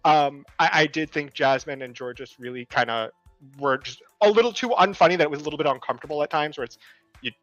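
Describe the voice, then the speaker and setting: A man co-hosts a podcast, rambling and restarting his sentences as he talks. His voice runs high, and the dull lo-fi mic and faint music behind him come through in a dry room. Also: fast, a bit bright, no echo. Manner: rambling, with many fillers and restarts. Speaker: podcast co-host. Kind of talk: casual chat.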